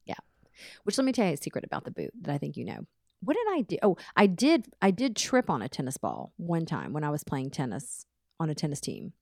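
A middle-aged woman co-hosting a podcast in a studio, chatting casually and telling animated stories. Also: low-pitched, brisk, dry recording. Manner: chatty storyteller, animated retelling with quoted voices. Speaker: podcast co-host. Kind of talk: casual chat.

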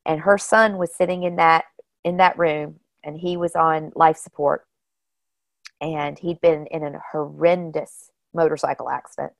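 A woman guest telling personal stories in a casual, animated way, often saying "you know" and "like". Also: sits low, unhurried, creaky, no room sound. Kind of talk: casual storytelling.

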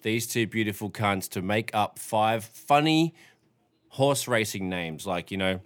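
A man's voice: fairly low pitch, a little slow. An Australian man hosting a podcast, talking in loose, rambling, profane banter. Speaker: podcast host.

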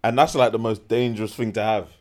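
A young man chats on a podcast in a laid-back, slangy way, chuckling as he goes. His voice sits on the low side. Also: steady tone, fast talker, darkish tone. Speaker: podcast co-host. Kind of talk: casual chat.

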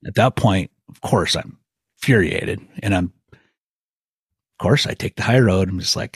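A middle-aged man, a guest, telling a hunting story in a folksy, animated way and acting out quotes. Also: low voice, normal speed, long pauses, breathy edge, no room sound, studio quality. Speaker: guest elk hunter.

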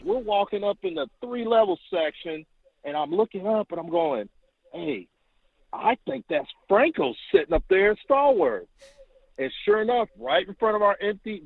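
A man calling in to tell a long story, animated and acting out quotes, heard over the phone. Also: normal speed, gravelly, dry recording. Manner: animated, acts out quotes with rising pitch. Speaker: caller. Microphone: telephone. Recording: tinny phone line.

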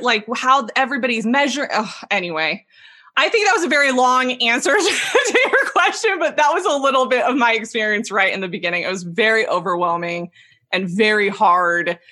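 A woman in her thirties, a podcast guest telling a personal story in an animated way and laughing as she talks. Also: on the high side, normal speed. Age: 30s. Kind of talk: casual interview storytelling.

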